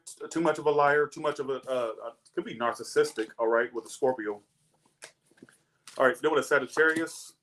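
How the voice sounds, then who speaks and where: A young man talks in a loose, animated way, drifting between family stories and tarot readings. He swears casually and his voice sits at an ordinary middle pitch. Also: a little hiss or hum. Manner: animated, laughing, swearing, chatty. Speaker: tarot reader.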